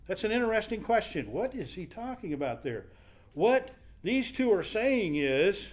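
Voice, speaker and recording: A man with a notably high voice preaching through a Bible story. He keeps it conversational and acts out the people he quotes as he retells it. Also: big pitch swings, moderate pace. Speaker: Bible teacher. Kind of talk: sermon.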